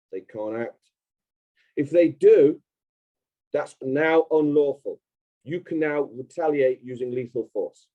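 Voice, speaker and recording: A man with a mellow, warm tone talks as a podcast guest. He presses his points hard and repeats them for emphasis, in casual interview talk. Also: a little high, a little slow, highs cut off.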